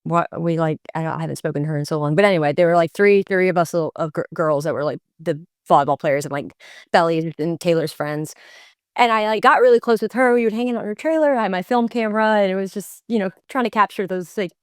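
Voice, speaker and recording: A woman in her twenties chats animatedly as a podcast guest, full of fillers and restarts. Her voice sits on the low side and comes across smooth and clear. The sound is close and dry. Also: quick pace, dry recording. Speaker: actor guest. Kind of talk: casual interview storytelling. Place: podcast studio.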